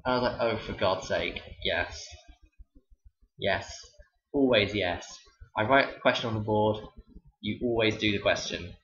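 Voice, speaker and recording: Young male teacher, wry sarcastic storyteller, lowish pitch, roomy lo-fi recording. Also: a little slow, pauses often, fairly bright tone. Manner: dry, sarcastic delivery. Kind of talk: casual storytelling to camera. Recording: roomy, dull lo-fi sound.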